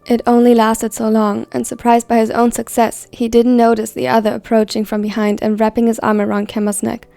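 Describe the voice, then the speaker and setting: A woman reads a dramatic story aloud at a steady, even pace of delivery. Her voice sits fairly high yet sounds mellow, with a gravelly fry. The recording is dry, with faint music underneath. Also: fairly quick, few pauses, no echo. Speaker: fan fiction reader. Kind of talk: scripted story narration.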